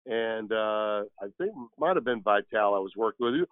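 A man's voice: lowish voice, expressive, a little fast, few pauses, fairly bright tone, clean tone. An older man, a guest broadcaster, telling rambling, jokey stories in casual chat over the phone. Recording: tinny dry phone line.

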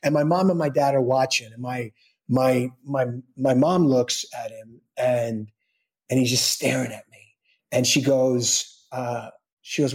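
Middle-aged male guest, mid-range voice; animated anecdote, imitates quoted people, lots of restarts. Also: mid-range voice, takes it slowly. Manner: many fillers and restarts. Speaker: guest actor. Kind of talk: casual anecdote in a podcast interview.

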